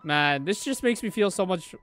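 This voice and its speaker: A young man reacting to an anime episode, excitable and profane, bursting into shouts. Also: high voice, normal speed. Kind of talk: live reaction commentary. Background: faint anime soundtrack music.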